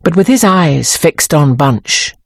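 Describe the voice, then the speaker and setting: A woman with a low voice narrates an audiobook in a measured, expressive way. Her pitch rises and falls widely, and the close studio recording is dry. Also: creaky, no room sound. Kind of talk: scripted narration.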